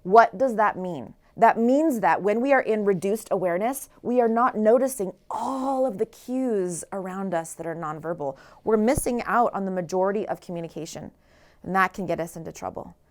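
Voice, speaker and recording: A woman's voice: medium pitch, brisk. A woman author giving an earnest motivational talk, asking the listeners rhetorical questions. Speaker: author and speaker.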